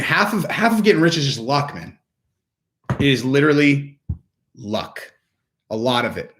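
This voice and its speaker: A man hosting a casual livestream, talking in a rambling way full of fillers, restarts and "like". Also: medium pitch. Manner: rambling, filler-heavy talk with frequent "like" and restarts. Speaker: livestream host.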